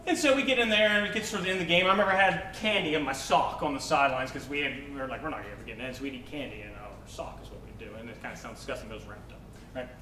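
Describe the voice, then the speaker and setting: A young man preaching a sermon with a personal story, animated, acting out quotes and swinging from loud to soft. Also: racing. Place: church. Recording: echoey church hall, mic at a distance, faint rumble.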